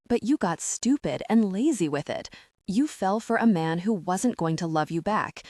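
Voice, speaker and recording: A cold, calculating schemer in an audiobook thriller, as a woman narrator puts her on, speaking in a slow, measured, mocking way. Her voice sits fairly low, and the recording is close and dry. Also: a little mellow, no room sound.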